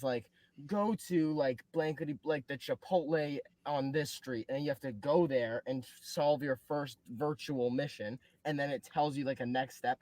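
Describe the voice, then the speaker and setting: A young man with a Boston accent, a podcast co-host in casual chat, animatedly pitching ideas. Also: darkish tone, no room sound.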